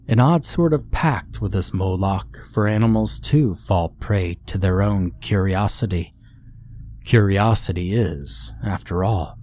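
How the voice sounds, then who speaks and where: A man's voice: on the low side, dark tone. A man narrating a scripted horror story in a grave, brooding way.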